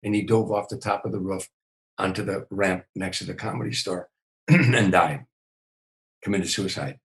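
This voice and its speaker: A man's voice: low-pitched, moderate pace, low-quality recording. An older man, a comedian, telling stories in a podcast interview, often repeating words as he starts a sentence. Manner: animated storyteller, repeats words when starting. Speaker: comedian guest.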